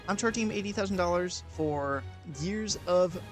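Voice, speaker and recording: A young man narrates gameplay commentary over a close mic in a slightly high voice. He is sarcastic and deadpan, and soft game music plays underneath him. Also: normal speed. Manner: sarcastic, deadpan, talks in fake medical bills.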